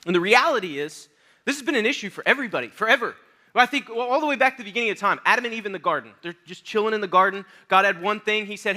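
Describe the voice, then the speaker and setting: A youth pastor with a high, racing, bright and forceful voice preaches a sermon built around a comic story about himself. Playful and self-mocking, he acts out scenes with voices and sounds, then turns earnest and direct as he speaks to his audience.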